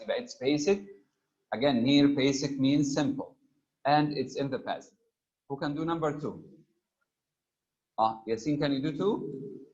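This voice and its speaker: Patient male teacher on a muffled call. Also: a little high. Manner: patient, questioning, repeats answers back. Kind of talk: online grammar lesson. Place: remote video call.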